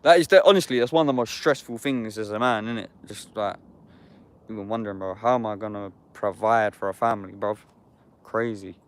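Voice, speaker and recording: A man's voice: lowish voice, brisk. Slangy young man from England. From Epsom, England. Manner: slangy and sweary, keeps saying bruv. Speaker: YouTuber talking to viewers. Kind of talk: casual livestream chat.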